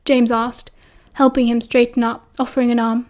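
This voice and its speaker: Casting: British woman, audiobook narrator, high voice, expressive and steady. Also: moderate pace. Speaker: audiobook reader.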